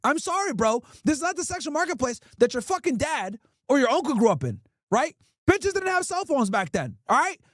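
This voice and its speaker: A man's voice: very high-pitched, sing-song, a little fast, a bit bright, dry recording, clean studio sound. A man hosting a livestream, ranting bluntly and profanely while reacting to clips. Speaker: livestream host. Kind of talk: casual streaming rant reacting to clips.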